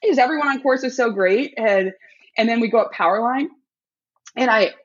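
Animated husky-voiced woman telling a story. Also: fairly high pitch, normal speed, dull audio. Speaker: podcast guest. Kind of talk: casual chat.

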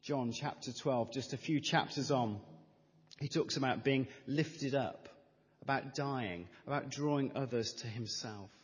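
A middle-aged man preaching a sermon as pastor, measured and emphatic, building with repeated phrases. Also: mid-range voice. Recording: reverberant church hall.

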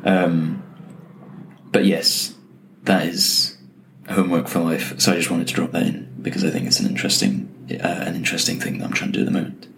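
A man's voice: sits low, steady tone, a little fast, creaky, fairly bright tone, slight background noise. A young man hosting a solo podcast, telling stories in a wry, self-deprecating way. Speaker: podcast host. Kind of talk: solo casual podcast chat.

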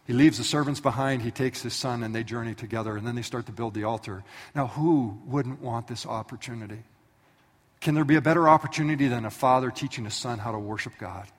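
A pastor preaches in a husky, mid-pitched voice, telling the story and turning often to the people in front of him. A long reverb from the hall trails after each phrase. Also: male voice, a little fast. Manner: storytelling, acting out the scenes and speaking directly to the congregation. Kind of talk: sermon. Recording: echoey hall from some distance.

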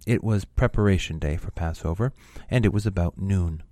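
A man reading a Gospel passage aloud in a measured, steady way. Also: sits low, dry recording, studio quality. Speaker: scripture reader.

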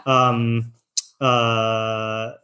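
A man's voice: medium pitch, monotone, extremely slow, bright, forceful tone, lo-fi sound, a little hiss or hum. A man teaching an online text study class, reading passages out and translating them in a loose, chatty way with plenty of fillers and restarts.

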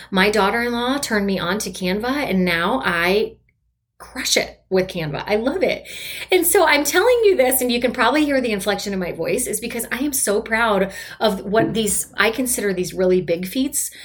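A woman in her forties talks straight to her podcast listeners as a coach. She sounds upbeat and enthusiastic, with a chatty manner and a voice of middling pitch. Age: 40s. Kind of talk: solo motivational podcast talk.

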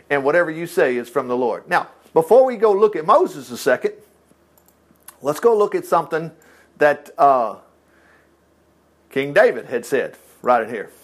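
Folksy, animated preacher, man. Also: fairly high pitch. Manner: folksy, animated, reads scripture then riffs with asides and laughs. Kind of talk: sermon with Bible reading.

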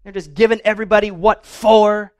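Preaching to his congregation, a married adult pastor speaks in a strikingly high, smooth voice, a little fast and with flat delivery. His sermon is earnest but loose, with tripped-over, repeated words and touches of playful humor.

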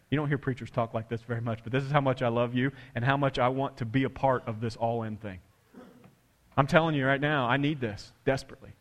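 A pastor preaches an impassioned, repetitive sermon, often restarting his phrases. His mid-range voice has a slightly bright tone, and the recording carries long church reverb.

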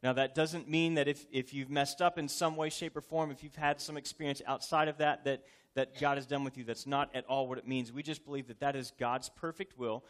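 A man's voice: mid-range voice, steady tone, fairly quick, few pauses. A man in his thirties, a pastor, preaching a sermon in a conversational, joking yet earnest way.

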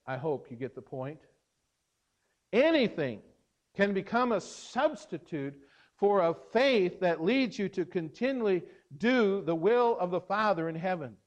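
Earnest male preacher, slightly high voice. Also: lo-fi sound. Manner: earnest, emphatic preaching with pauses and restarts. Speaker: pastor. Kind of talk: sermon.

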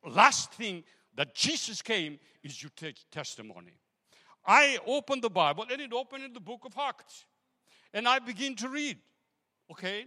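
A man whose first language is Greek, preaching a testimony sermon and telling his story with emotion, swinging from loud exclamations to hushed asides. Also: high voice, in a large hall. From Greece. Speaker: guest preacher.

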